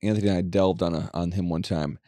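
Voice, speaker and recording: A man's voice: low voice, fairly even intonation, fast, dark tone, no room sound. A young man co-hosting a casual podcast, rambling with lots of swearing and filler words. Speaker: podcast co-host. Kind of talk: casual chat.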